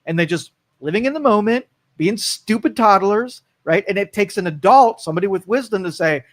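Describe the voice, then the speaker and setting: A man's voice: sits high, expressive, fairly quick, dry recording. A man co-hosting a local talk radio show, blunt and opinionated, repeating points for emphasis. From Ohio. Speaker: co-host. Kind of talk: casual talk radio chat.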